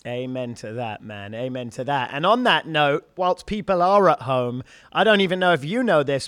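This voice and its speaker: A man's voice: high-pitched, no room sound, clean studio sound. A man hosting a podcast interview, upbeat and casual, calling his guest "man" and swearing freely. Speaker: podcast host.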